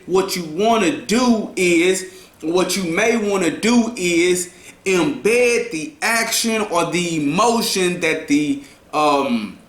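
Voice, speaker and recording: Slow-talking high-voiced man teaching writing. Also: fairly bright tone, roomy sound. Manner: slow, repetitive, checks in with "right?". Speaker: writing coach. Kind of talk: casual writing lesson.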